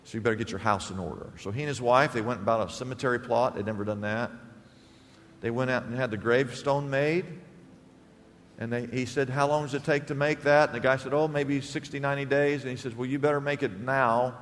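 A male pastor preaching a sermon in a church, telling stories and swinging between loud bursts and hushed, quiet lines. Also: mid-range voice, steady tone, fairly quick, long reverb tail. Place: church sanctuary.

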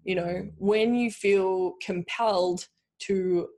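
An Australian bookkeeping coach hosts her own podcast, speaking slowly in a medium-pitched, steady voice with a dark tone. Her casual solo talk is chatty and rambling, packed with fillers and playful quoted voices.

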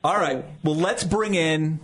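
A man hosting a radio morning show, steering a dispute between callers with a lively delivery in a studio. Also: a little high, measured pace, slightly rough. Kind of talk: upbeat radio talk.

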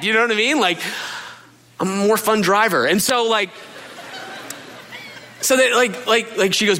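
A man's voice: sits high, normal speed, pauses often, bright, forceful tone. A man preaching a conversational sermon, telling stories earnestly with frequent restarts and speaking straight to the listeners. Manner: earnest storytelling with frequent restarts and direct "you guys" address. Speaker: pastor.

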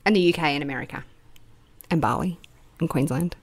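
Playful lower-voiced woman. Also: fairly quick, no room sound. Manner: playful, jokey, tries silly voices. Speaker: podcast co-host. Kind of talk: casual chat.

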